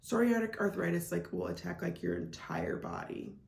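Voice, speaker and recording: A woman from Iowa talks casually to camera about her reselling, her fillers running through every sentence. Her voice sits low with a gravelly edge, and the room around her rings with echo. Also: huge pitch swings, moderate pace, a little mellow. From Iowa, United States. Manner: chatty, with frequent "like" and "um" fillers. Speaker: reseller vlogger. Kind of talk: casual vlog chat. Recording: echoey room.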